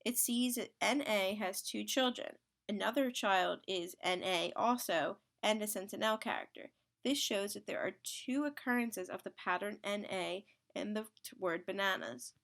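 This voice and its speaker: A young woman, a student presenter, reading a prepared explanation of a search method in a steady, scripted way. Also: mid-range voice, moderate pace, gravelly. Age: young adult.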